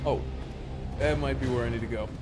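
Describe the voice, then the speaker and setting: Over game music, a man gives casual commentary while streaming a video game live, chatting to himself and his viewers and swearing now and then. His voice sits at medium pitch with fairly even intonation, and he talks fairly quickly.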